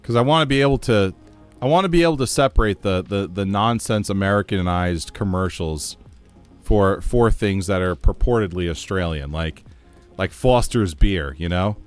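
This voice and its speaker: A man's voice: sits low, moderate pace, faint music behind. A man from the United States streaming a game, chatting casually, reading chat aloud and laughing often.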